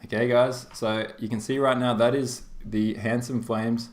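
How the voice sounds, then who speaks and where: A man's voice: medium pitch, level tone, a little slow, darkish tone. An Australian man hosting a game tournament stream, chatty and rambling, laughing often and full of fillers. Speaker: tournament caster and stream host. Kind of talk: casual live-stream chat. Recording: roomy echo.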